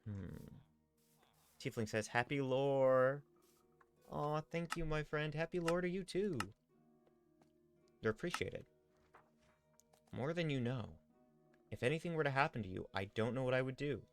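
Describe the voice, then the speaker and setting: A man's voice: medium pitch, expressive, unhurried, long pauses, faint music behind. A man streaming a game live, chatting casually, reading viewer messages aloud and slipping in and out of a playful role-play. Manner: playful, rambling, reads chat messages aloud.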